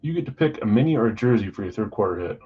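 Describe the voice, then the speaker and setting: An easygoing married man hosts a casual card-break stream from his basement card room, chatting as he rattles off names and teams from a list. His low-ish voice is expressive and racing with a breathy edge, and the stream audio sounds slightly muffled.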